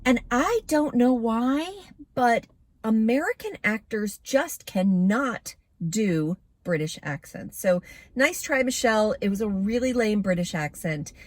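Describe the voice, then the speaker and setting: A woman's voice: on the high side, expressive, unhurried, no room sound. Chatty woman reviewing a movie. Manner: chatty and candid, with frequent fillers. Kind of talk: casual spoken review.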